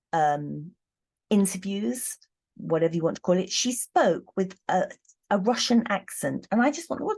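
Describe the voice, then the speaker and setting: A woman reading tarot cards in a casual, thoughtful monologue, pausing often and restarting her sentences. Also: mid-range voice, a little mellow. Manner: thoughtful, hesitant, many ums and restarts. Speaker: tarot reader.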